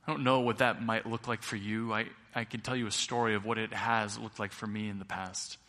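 A middle-aged male pastor preaching a sermon, building to loud peaks and then dropping quiet. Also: on the low side, little pitch movement, brisk. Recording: long reverb of a large hall.

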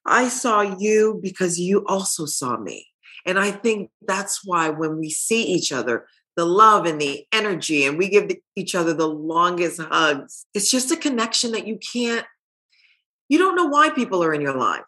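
A woman's voice: lowish voice, lively intonation, moderate pace, sharp tone. A middle-aged woman from Haiti, a podcast guest talking openly and emotionally, laughing often. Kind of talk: candid conversation.

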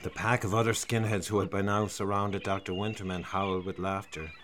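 A man's voice: deep voice, level tone, fairly quick, very noisy. A man narrating a comic story in a wry, theatrical way.

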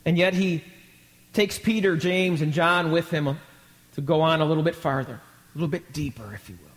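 A male pastor preaching a live sermon, asking the congregation questions and acting out quotes with sudden loud, high bursts. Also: moderate pace. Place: church. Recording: long hall reverb from a church.

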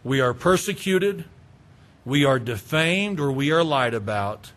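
A male preacher delivering an expository sermon, slow and emphatic, stacking repeated phrases. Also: mid-range voice, lively intonation, fairly bright tone.

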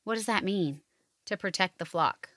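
Calm woman hosting a devotional podcast. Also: mid-range voice, dry recording, studio quality. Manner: slow, soothing reading and guiding. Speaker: podcast host. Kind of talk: gentle devotional talk for families.

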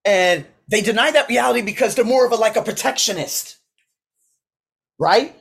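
A man hosting his coaching podcast in a motivational preaching mode, swinging between loud declarations and low asides, recorded on a laptop at home while he paces. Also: moderate pace, gravelly, husky. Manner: swearing, talking to himself by name. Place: indoors at home, pacing with a laptop. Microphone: laptop mic.

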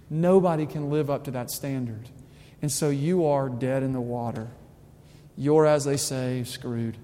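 A man with a drawl delivers a sermon in a church sanctuary, his fairly high voice carrying a long echo through the hall. He talks to the congregation like friends, tossing out rhetorical questions. Now and then he leans hard on a word for emphasis. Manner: conversational preaching with rhetorical questions and sudden loud emphasis. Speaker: pastor. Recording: reverberant hall.

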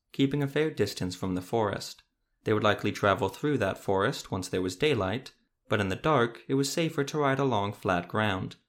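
Low-voiced man reading a fantasy story. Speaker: narrator.

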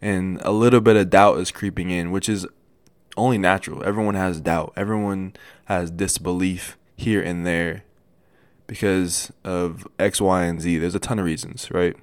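A young man speaks in a low, earnest register, hosting a motivational podcast on his own. He talks casually to his listeners and stumbles over words now and then. The recording is dry, with no room sound. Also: fairly even intonation, clean tone, no room sound. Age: young adult. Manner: halting, with restarts and stutters. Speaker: podcast host. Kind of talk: motivational solo podcast talk.

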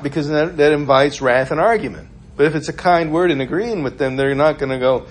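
A man's voice: fairly high pitch, lively intonation, a little fast, breathy edge. Chatty male preacher telling stories. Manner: conversational, storytelling, laughs often. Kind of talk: informal sermon.

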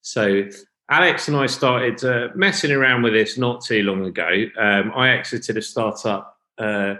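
A man hosts a podcast over a video call from his flat, and his voice carries a roomy echo. He rambles through his stories with plenty of ums, in a mid-range pitch. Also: unhurried. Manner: rambling, loosely storytelling with fillers. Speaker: podcast host. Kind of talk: casual podcast chat. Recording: roomy home sound.

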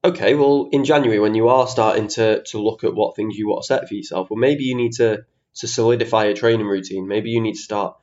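A man's voice: fairly low pitch, quick pace, hardly any pauses, darkish tone. Ranty man, slightly lo-fi. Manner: chatty, ranty, swears casually, self-mocking. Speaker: podcast host. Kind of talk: casual solo podcast monologue. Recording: slightly dull lo-fi podcast audio.

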